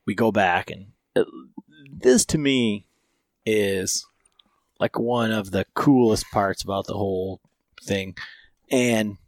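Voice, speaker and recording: A man's voice: fairly low pitch, slow, pauses often, dry recording, clean studio sound. A man hosting a podcast, telling a long story in a rambling, profane way with lots of fillers. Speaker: podcast host.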